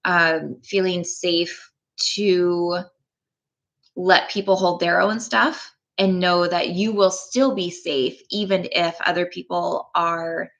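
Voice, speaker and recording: A woman hosting a live tapping session, gentle and encouraging, greeting chat viewers with frequent ums. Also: lowish voice, steady tone, slow pace, gravelly, poor audio.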